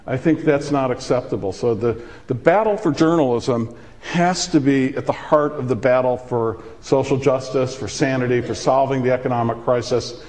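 A man's voice: medium pitch, darkish tone. A middle-aged man giving an impassioned, emphatic university lecture and answering audience questions. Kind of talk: public lecture with Q&A. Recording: reverberant hall.

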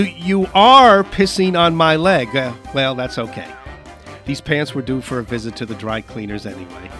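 A man hosting a comic radio sketch, calmly describing aloud what his silent guest is doing. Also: mid-range voice. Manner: deadpan, describing the action aloud. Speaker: radio host. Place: radio studio.

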